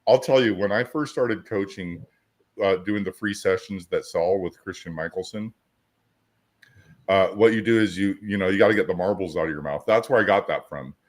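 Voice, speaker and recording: Speaking at a moderate pace with a low-sitting voice, a man hosts a podcast about coaching. He's a business coach who tells casual stories and voices both parties in the conversations he recounts.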